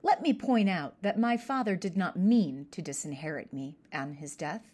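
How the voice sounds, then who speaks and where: A woman doing a smooth-talking scheming uncle. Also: fairly low pitch, expressive, moderate pace, a little mellow. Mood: persuasive.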